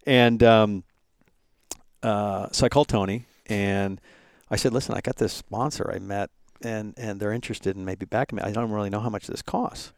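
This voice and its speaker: A man in his forties from the United States tells racing stories as a podcast guest, with a low, gravelly voice full of vocal fry. He talks in a casual, animated way and slips into the voices of the people he quotes. The sound is dry and close, with no room echo. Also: moderate pace. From United States (San Francisco). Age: 40s. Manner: animated storyteller who acts out quoted voices. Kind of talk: casual storytelling interview.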